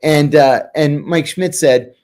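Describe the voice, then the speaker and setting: A middle-aged American man, a former intelligence officer, tells a story as an interview guest, acting out the quoted lines with sudden jumps in pitch. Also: slow pace, darkish tone. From United States.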